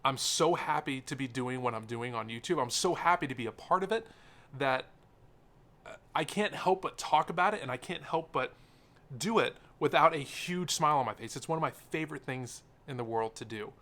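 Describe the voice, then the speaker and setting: Bright-voiced young man rambling to camera. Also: medium pitch, moderate pace. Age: young adult. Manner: rambling, sidetracked, many fillers; earnest and openly emotional. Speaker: tech YouTuber. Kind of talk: unscripted sit-down vlog. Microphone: camera mic, seated talking to camera.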